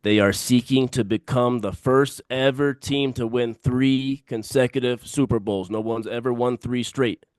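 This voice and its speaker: A man's voice: mid-range voice, steady tone, measured pace, few pauses, darkish tone, dry recording. Man picking games, emphatic, dry sound. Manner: emphatic, repeats his picks for effect. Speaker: sports podcast co-host. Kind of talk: casual sports banter.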